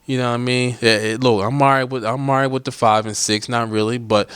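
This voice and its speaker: A man's voice: medium pitch, steady tone, brisk, fairly bright tone, clean tone, dry recording. A man hosting his own podcast in casual, loose chat that rambles with profane asides. He talks into a studio mic with headphones on. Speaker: podcast host.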